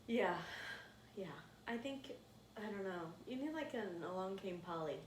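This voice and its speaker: Through a slightly distant, roomy mic with a touch of hiss or hum, a woman co-hosting a podcast talks at a measured pace in a mid-range voice. She chats casually and tells animated stories, laughing often and performing the quotes.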